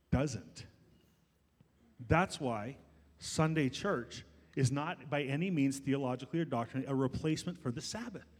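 A man preaching from the pulpit in a high, ringing voice, punching key words and slowing right down on them. His rhetorical questions and drawn-out emphasis carry through the long reverb of a church sanctuary. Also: a bit bright. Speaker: pastor. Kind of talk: sermon.

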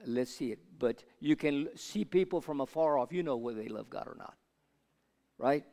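An older man preaching a sermon, moving from quiet Bible teaching to loud call-and-response with the congregation. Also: medium pitch, lively intonation, moderate pace, vocal fry. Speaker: pastor. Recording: long hall reverb.

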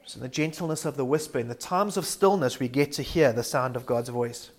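A man's voice: mid-range voice, fairly quick. A man preaching a sermon in an earnest, reflective way, sometimes restarting words mid-sentence.

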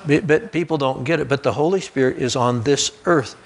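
A man's voice: mid-range voice, fairly quick. A male pastor, preaching a sermon through folksy personal stories and asides. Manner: storytelling preacher, folksy asides, occasional restarts. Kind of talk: sermon storytelling. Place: church sanctuary.

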